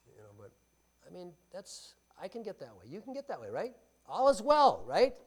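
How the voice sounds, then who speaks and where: A man preaching a sermon as pastor, emphatic, asking the congregation rhetorical questions and swinging between loud stresses and quiet asides. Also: sits high, wildly swooping pitch, normal speed, breathy edge.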